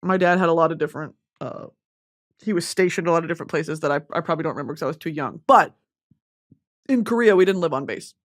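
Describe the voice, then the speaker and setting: A woman's voice: deep voice, fast talker. A young woman from the United States hosting a podcast, rambling through a profane, jokey monologue. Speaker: podcast host. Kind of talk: casual comedic monologue.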